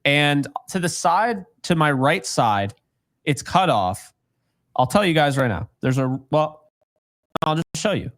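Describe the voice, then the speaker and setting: A man's voice: a little high, big pitch swings, measured pace, fairly bright tone, no echo, clean studio sound. A man co-hosting a casual podcast, joking and rambling, laughing often. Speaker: podcast co-host. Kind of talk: casual chat.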